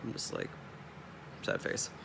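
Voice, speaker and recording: A man's voice: unhurried, fairly bright tone, slight background noise. A young man from California with a Californian accent, rambling in a laid-back, casual vlog monologue. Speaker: streamer.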